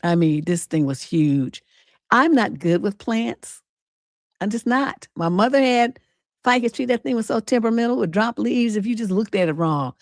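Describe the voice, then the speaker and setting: A woman's voice: mid-range voice, normal speed, dry recording, clean studio sound. Sassy woman telling a story. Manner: animated, sassy storytelling with acted-out quotes and swearing. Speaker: relationship coach and livestream host. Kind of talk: casual storytelling on a livestream.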